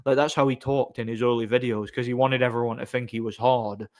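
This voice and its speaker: A man talks casually on a live stream, answering comments in a rambling, sarcastic way. His voice sits at an ordinary middle pitch, and he fills his talk with ums and false starts. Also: steady tone, fairly quick. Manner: sarcastic, rambling, frequent fillers and restarts.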